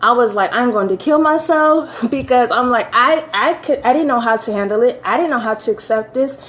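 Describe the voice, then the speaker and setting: A woman's voice: on the high side, a little fast, a bit bright. Earnest woman giving a tearful testimony. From California. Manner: earnest and emphatic, repeating phrases. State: holding back tears. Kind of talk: personal testimony to camera.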